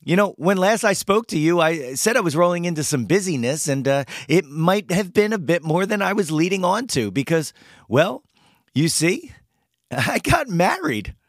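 Hoarse, playful male podcast host. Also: sits high, very animated, normal speed, no echo, clean studio sound. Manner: playful, hyped-up, jokey. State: hoarse, lost his voice. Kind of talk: casual podcast monologue.

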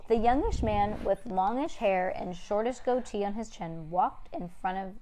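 A woman's voice: mid-range voice, lively intonation, moderate pace, warm tone, slight background noise, poor audio. A woman reading a children's novel aloud for a family podcast, fixing slips and chatting with the kids. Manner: casual, fixes slips, laughing asides to the kids.

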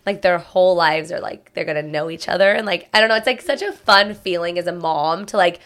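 A woman's voice: fairly low pitch, fairly quick, a bit bright. A young woman and mother co-hosting a podcast in casual chat, talking with many filler "likes". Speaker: podcast co-host.

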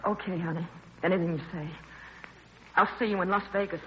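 An actress playing a gangster's devoted companion, soft and anxious, in 1940s radio acting. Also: female voice, fairly low pitch, fairly even intonation, fairly quick, lightly acted. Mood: worried fond. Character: devoted young woman, gangster's loyal companion. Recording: dull old radio recording with faint hiss.

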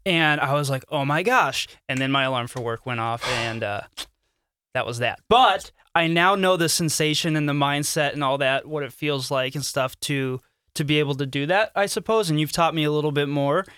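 Excited guy rambling through a dream story, bright crisp voice, dry mic. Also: on the high side, moderate pace, no echo. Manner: enthusiastic, rambling with fillers. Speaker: podcast co-host. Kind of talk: casual storytelling.

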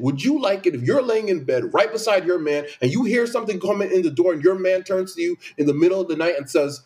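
A man in casual conversation, venting emphatically with lots of repetition. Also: high voice. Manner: animated, repetitive, emphatic complaints. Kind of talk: casual opinion chat.

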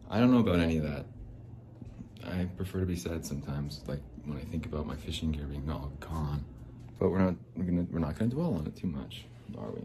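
A man's voice: a bass voice, brisk, warm tone, slight background noise, low-quality recording. A young man hosting a solo podcast, rambling in a jokey, self-deprecating way. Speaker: podcast host.

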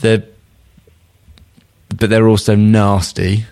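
A low-pitched man chatting on a football podcast. He is blunt and jokey and swears freely, ranting half in fun. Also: flat delivery, takes it slowly, darkish tone, clear, resonant tone. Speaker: podcast co-host. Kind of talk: casual football podcast chat.

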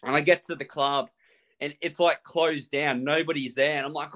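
A man's voice: fairly high pitch, moderate pace. Brash swearing storyteller man. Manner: animated, swears a lot, laughs while telling. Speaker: guest telling a travel story. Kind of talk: casual storytelling.

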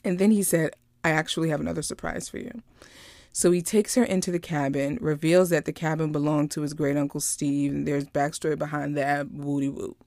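A woman casually recapping a movie, chatty and animated, drifting into personal stories. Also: low-pitched, a little fast, hardly any pauses, no echo, clean studio sound. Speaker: vlogger reviewing a movie.

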